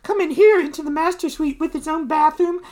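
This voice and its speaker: A man voicing a fawning, gushing woman socialite in a high, sugary falsetto while retelling a comic book. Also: fairly quick, darkish tone.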